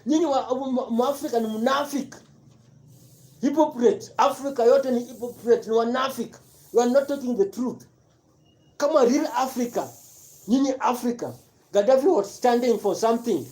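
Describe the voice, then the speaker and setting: Fired-up commentator, mellow voice. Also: medium pitch, moderate pace. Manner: repetitive, emphatic, rhetorical questions. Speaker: live-stream commentator. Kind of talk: impassioned political rant mixing Swahili and English.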